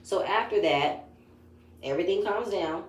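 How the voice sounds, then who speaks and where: A woman's voice: mid-range voice, a little slow, slight background noise. A woman giving a chatty, opinionated recap of a reality show, retelling scenes in her own words. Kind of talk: casual episode review. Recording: echoey room.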